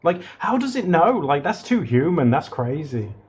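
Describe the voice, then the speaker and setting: A man streaming live while drawing, chatting excitably and rambling with lots of fillers in a slightly husky voice. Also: fairly high pitch, moderate pace, dull audio, faint music behind.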